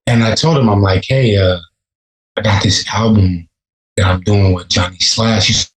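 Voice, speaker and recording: A man's voice: fairly low pitch, steady tone, normal speed, roomy sound, poor audio. A man from Chicago, a rapper, telling stories in a casual, profane podcast interview. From Chicago, USA. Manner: laid-back, profane, storytelling. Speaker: rapper guest.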